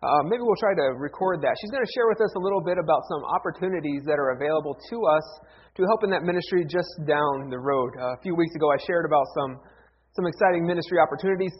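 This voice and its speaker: A man's voice: sits high, husky, highs cut off. A man preaching a sermon as pastor, telling jokes in a folksy, storytelling manner. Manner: folksy, joking storyteller with lively acted quotes.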